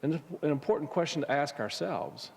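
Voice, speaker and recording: This minister's voice is on the high side, gravelly and husky, expressive and fairly quick as he talks conversationally about spiritual matters to his congregation. Fillers and restarted sentences are frequent, and the church sanctuary lends a long hall reverb.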